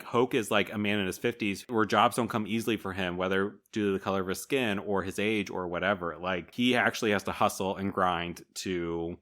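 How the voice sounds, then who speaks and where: A man co-hosting a casual movie podcast, retelling scenes with lively quoted voices and frequent laughter. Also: sits low. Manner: animated retelling, jumping into quoted character voices; swears casually, laughs often. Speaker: podcast co-host. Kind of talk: casual movie recap chat.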